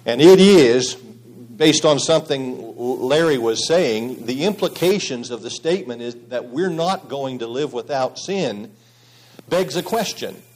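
A man teaching a Bible study group in an earnest, conversational way, often restarting sentences and turning to the class with questions. His voice sits in an ordinary middle pitch, with nothing unusual in its tone. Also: expressive, a little slow.

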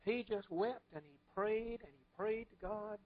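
A man's voice: sits high, measured pace. A man preaching a sermon, retelling stories in a folksy way with wry asides and chuckles. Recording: muffled lo-fi recording.

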